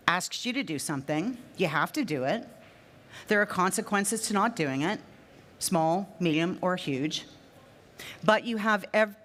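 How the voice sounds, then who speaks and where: A woman in her fifties giving a conference talk to a live audience, emphatic and fond of repeating her key phrases. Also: fairly low pitch. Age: 50s. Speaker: speaker at a trade fair session.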